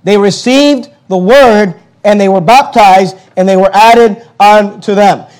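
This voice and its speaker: Male pastor, high voice, fervent sermon delivery with brisk asides. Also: a little mellow. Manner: fervent preaching, quick asides to the congregation.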